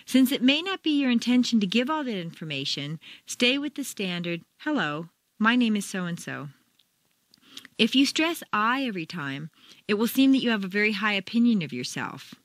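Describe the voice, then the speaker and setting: A woman with an American accent reading an intonation lesson from a script, exaggerating her pitch to demonstrate. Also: sing-song, moderate pace, no room sound. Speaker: accent training instructor.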